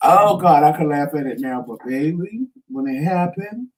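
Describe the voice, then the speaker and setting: Man, co-host, dark mellow tone, dramatic storytelling, slightly distant from the mic. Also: fairly high pitch, moderate pace. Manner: animated, dramatic storyteller acting out quotes. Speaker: talk show co-host. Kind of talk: casual storytelling chat.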